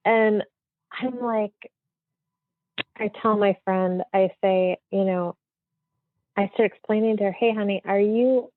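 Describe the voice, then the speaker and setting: A woman's voice: medium pitch, fairly even intonation, takes it slowly, pauses often, no echo. Chatty woman on a tinny line. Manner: chatty, rambling, lots of fillers. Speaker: guest medium. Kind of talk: casual storytelling in a podcast interview. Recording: dry, thin phone-like audio.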